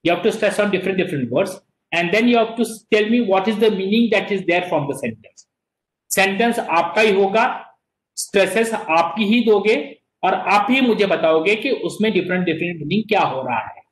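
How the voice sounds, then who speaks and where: An Indian man teaches an online class in a high voice, switching between Hindi and English. He repeats words as he explains. The sound echoes in a roomy space. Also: very fast. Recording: echoey room.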